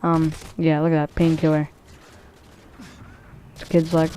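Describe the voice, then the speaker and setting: Warm, clear and resonant, a woman's low-pitched voice moves at a measured pace with fairly even intonation and frequent pauses. She gives rambling, casual commentary over a shooter match, cursing freely and constantly restarting amid ums.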